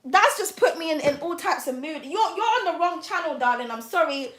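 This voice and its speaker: High-voiced blunt woman. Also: lively intonation, fairly quick, a bit bright, slight background noise. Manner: blunt, profane, ranting. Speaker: tarot and astrology reader. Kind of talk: livestream chat.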